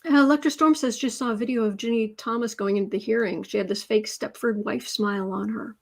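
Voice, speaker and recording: A woman's voice: on the high side, fairly even intonation, quick pace, gravelly. Chatty, sarcastic American woman streamer. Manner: chatty, sarcastic, mocking asides. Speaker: tarot reader livestream host. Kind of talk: casual livestream chat reading viewer comments.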